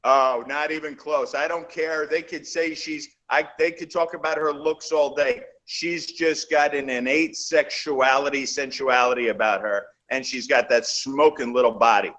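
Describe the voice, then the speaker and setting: A man being interviewed, telling animated show-business anecdotes in a casual, rambling way that trails off and restarts. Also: fairly high pitch, moderate pace, few pauses, dull audio. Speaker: interview guest, actor. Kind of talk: casual storytelling in a shoot interview.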